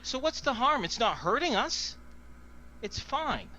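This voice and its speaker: A man's voice: fairly even intonation, moderate pace, pushed and bright, highs cut off, lightly acted. A man voicing a paranoid, possessive male officer who grows panicked and defensive. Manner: high, strained, defensive.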